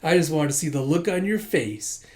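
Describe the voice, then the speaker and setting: A man's voice: a little high, expressive, normal speed, natural voice. A man voicing a cool, smug male investigator in glasses in a comic he reads aloud.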